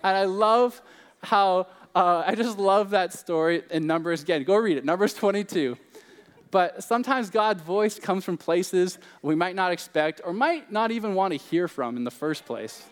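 A man's voice: sits high, lively intonation, moderate pace, clean tone, big-room sound. A young man preaching a sermon as pastor, in a casual, joking, conversational way.

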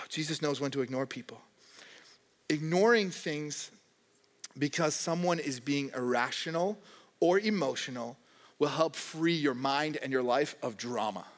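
A young man preaches with a fairly high voice and a loose, joking manner, slipping into quoted voices now and then. His words ring out with a long reverb from a large hall. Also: measured pace. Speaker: pastor. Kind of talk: sermon.

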